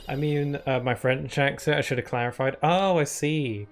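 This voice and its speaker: A man's voice: mid-range voice, normal speed, soft background music. A British man chatting casually while streaming a video game, laughing often and reading chat and on-screen text aloud. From United Kingdom.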